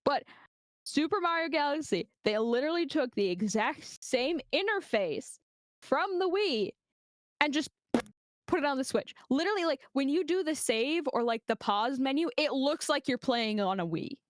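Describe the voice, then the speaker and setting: A woman's voice: sits high, animated, moderate pace, no room sound. A young adult woman chatting as a podcast guest, blunt and profane, laughing often. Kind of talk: casual chat.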